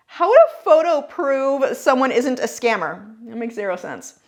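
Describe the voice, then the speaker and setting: A woman's voice: high-pitched, very animated, normal speed. A woman giving casual, sarcastic commentary while reading scam messages aloud. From United States. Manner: sarcastic, wry asides. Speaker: art YouTuber.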